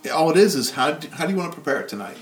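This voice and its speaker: A man's voice: fairly high pitch, sing-song, very fast. Joking man hosting a wine podcast. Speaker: podcast co-host. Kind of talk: casual banter.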